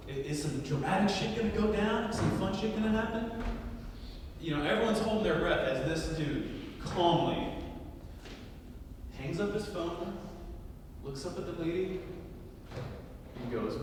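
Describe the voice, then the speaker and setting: A man from Louisiana hosting a comedy show, telling a crude story in a lively stand-up manner. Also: high voice, moderate pace, pauses often, background noise. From Louisiana, US South. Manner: lively, crude, swings from quiet to loud. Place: comedy club. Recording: echoey club, mic far off.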